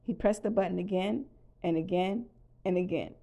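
A woman calmly narrating a children's storybook read-aloud. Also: on the low side, moderate pace, creaky. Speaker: storybook reader.

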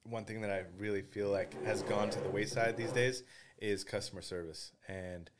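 Profane, animated man telling stories. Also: on the low side, normal speed, a loud crowd. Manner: profane, animated storytelling with acted-out quotes. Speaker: podcast guest. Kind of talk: casual chat.

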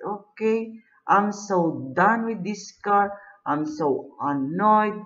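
A gamer giving live gameplay commentary, excitable, full of exclamations and frustrated groans. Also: medium pitch, slow. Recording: dull lo-fi recording.

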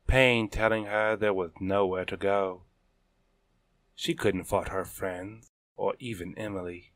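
Slow, low-voiced male storyteller. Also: fairly bright tone, dry recording. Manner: measured, deliberate storytelling. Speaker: narrator. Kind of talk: scripted audiobook narration.

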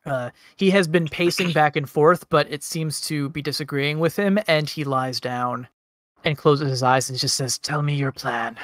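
A man narrating as game master of a tabletop role-playing game, relaxed, with frequent ums. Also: a little high, normal speed, dry recording, clean studio sound.

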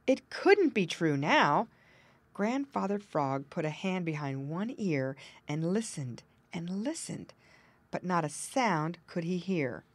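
A woman narrating a children's storybook aloud with expressive storytelling emphasis. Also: on the low side, no echo. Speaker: audiobook narrator.

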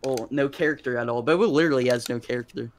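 A man's voice: medium pitch, fast talker, background noise. A man in casual gaming chat, offhand and wisecracking, speaking into a headset mic. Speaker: speedrunner.

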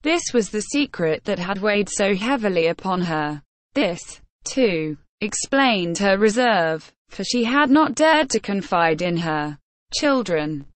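A woman reads a classic novel aloud in a calm, measured way, taking her time over each phrase. Her voice sits at an ordinary pitch and is recorded close and dry, with no room sound around it. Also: dry recording. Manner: measured, unhurried reading. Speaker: audiobook narrator. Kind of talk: audiobook reading of a classic novel.

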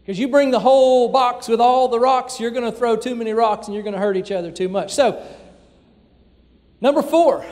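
A man's voice: very high voice, moderate pace, darkish tone. A man preaching a sermon as pastor, talking conversationally with frequent fillers, recorded in a church sanctuary. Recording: long church hall reverb.

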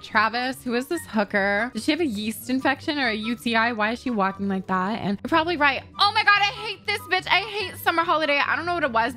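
A young woman with a high, very lively voice chats her way through a life-sim game, bubbly and crude, swearing freely and breaking into squeals and gasps. Her tone is bright and sharp, and faint music plays under her desk mic. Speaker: gaming YouTuber. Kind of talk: casual gameplay commentary.

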